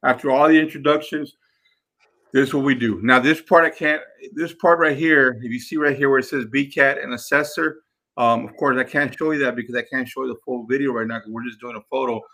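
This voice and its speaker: A man's voice: medium pitch, fairly even intonation, fairly quick, pushed and bright. A man, hosting a podcast and giving an instructional talk, emphatic and repeating himself as he addresses the listeners as guys. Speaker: podcast host and sales trainer.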